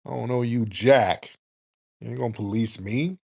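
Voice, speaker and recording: A man's voice: mid-range voice, moderate pace, vocal fry, darkish tone, slightly rough. A man from the United States hosting a call-in talk show, emphatic and swearing freely. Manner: brash, profane and emphatic. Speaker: radio show host.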